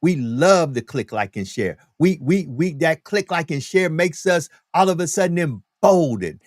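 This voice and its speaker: A man hosts a live talk stream, preaching his point with heavy emphasis and repeated lines. His voice sits fairly high, and the mic is close and dry with no room at all. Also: expressive, measured pace, dry recording. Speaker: host.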